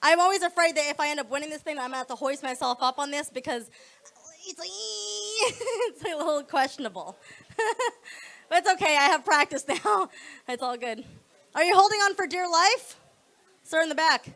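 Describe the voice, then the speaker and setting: High, bright woman doing stand-up. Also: lively intonation, moderate pace, gravelly. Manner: loud, laughs between lines, acts out voices. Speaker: stand-up comedian. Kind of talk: stand-up comedy set. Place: comedy club stage.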